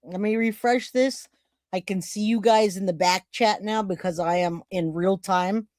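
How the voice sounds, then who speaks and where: A woman's voice: mid-range voice, a little slow, darkish tone, no room sound, studio quality. A woman hosting a true crime livestream, talking casually and directly to her chat viewers.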